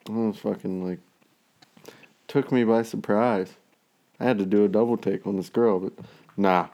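A man in his thirties, a dad, in casual chat, blunt and quick to swear, laughing along. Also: lowish voice, steady tone, mellow. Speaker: friend chatting, a dad.

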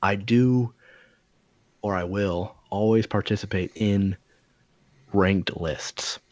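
Male co-host, animated and profane, low voice, dry lo-fi sound. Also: takes it slowly, dry recording. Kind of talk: casual chat.

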